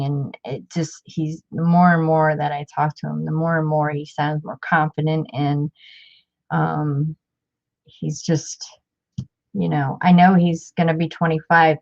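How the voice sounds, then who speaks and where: A woman's voice: low-pitched, muffled recording. A middle-aged woman chatting in a rambling, casual way with many fillers while she works on a craft project. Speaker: crafting vlogger.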